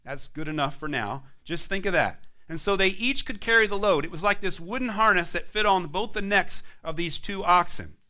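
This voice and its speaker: A man's voice: sits high, lively intonation, moderate pace, hardly any pauses, bright, forceful tone. A man preaching a sermon as pastor, building emphatic repeated phrases and sometimes laughing lightly at himself. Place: church sanctuary.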